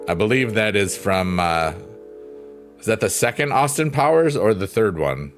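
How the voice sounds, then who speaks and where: A man with a lowish, expressive voice hosts a livestream at a moderate pace, with piano in the background. He chats casually and jokingly, rambling as he reads the chat aloud.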